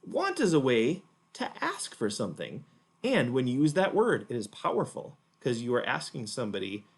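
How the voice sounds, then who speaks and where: A man's voice: medium pitch, wildly swooping pitch, moderate pace. A man teaching a word to children with a puppet, patient and encouraging. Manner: patient, encouraging, clearly spoken. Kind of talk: speech lesson for children.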